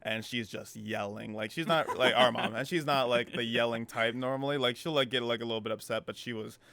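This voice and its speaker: A man's voice: mid-range voice, a little fast, vocal fry, no echo. A young man co-hosting a podcast, telling a story in casual chat and acting out the quotes. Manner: animated storytelling, acts out quotes. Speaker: podcast co-host.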